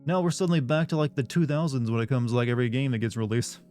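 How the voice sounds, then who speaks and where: With soft background music underneath, this streamer speaks very fast in a medium-pitched, darkish voice. He's from the US South but has no regional accent, and he plays a game while casually reading viewer messages aloud and rambling through replies.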